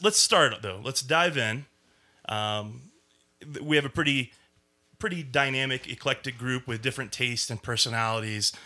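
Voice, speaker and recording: A man's voice: medium pitch, sharp tone. A man hosting a casual group podcast, hesitant, with many ums and restarts. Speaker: podcast host.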